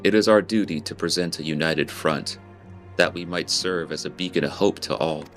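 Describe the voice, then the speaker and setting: Man reading solemn young noble, formal, measured, deep-voiced, game dialogue read aloud. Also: fairly even intonation, fairly bright tone, faint music behind.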